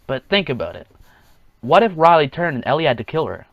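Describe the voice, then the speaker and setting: A man's voice: a little high, very animated, fairly quick, dry recording, highs cut off. A man hosting a casual solo podcast, rambling along, chuckling at his own jokes and acting out quotes in offhand voices. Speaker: podcast host.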